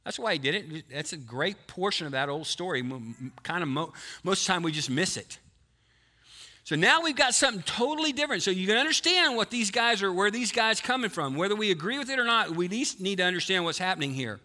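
A male pastor preaching a sermon to a live congregation, quizzing the people and switching between quick talk and slow emphasis. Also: high voice, sing-song, sharp tone. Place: church before a live congregation.

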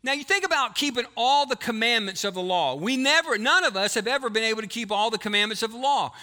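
A male pastor preaching a sermon to a live congregation, quizzing the people and switching between quick talk and slow emphasis. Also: very high-pitched, expressive, sharp tone. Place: church before a live congregation.

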